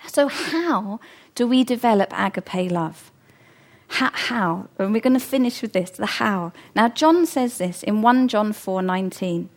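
A middle-aged woman delivers a sermon in an earnest, emphatic way. Her voice sits a little higher than most, and she leans on her key phrases by repeating them. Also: a little mellow. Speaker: preacher.

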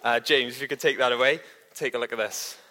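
A man's voice: medium pitch, steady tone, quick pace, sharp tone. A man giving a casual, humorous church talk, full of fillers and restarts as he chats with the congregation. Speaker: preacher.

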